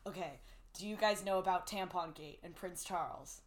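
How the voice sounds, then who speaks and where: A woman's voice: fairly low pitch, normal speed, crowd noise. A young woman hosting a podcast in casual chat, blunt and profane, laughing often and reading messages aloud in mocking tones. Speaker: podcast host.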